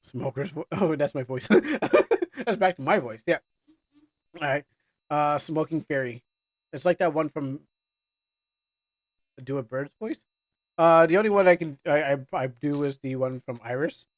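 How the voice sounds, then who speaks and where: A man's voice: a little high, moderate pace, pauses often, no echo. A man who grew up in Canada, chatting casually on a livestream, rambling and self-deprecating with many restarts. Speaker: streamer. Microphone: desk microphone with headphones.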